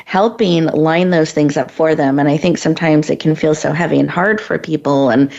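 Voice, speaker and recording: A female host speaks in an upbeat, effusive way, with a low-pitched voice. The sound is muffled and lo-fi, like a video call. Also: steady tone, moderate pace, creaky, darkish tone. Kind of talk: interview hosting.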